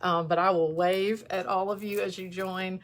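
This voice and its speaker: A woman's voice: lowish voice, little pitch movement. Emotional woman on a livestream. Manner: candid, emotional, halting with restarts. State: emotional, on the verge of tears. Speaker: host. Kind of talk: livestream talk to viewers. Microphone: camera in front of her.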